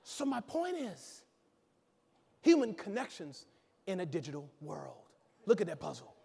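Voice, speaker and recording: A man giving an energetic conference keynote, joking and bantering with the audience from the stage. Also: high voice, measured pace, gravelly, breathy edge. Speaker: keynote speaker. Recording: echoey hall reverb.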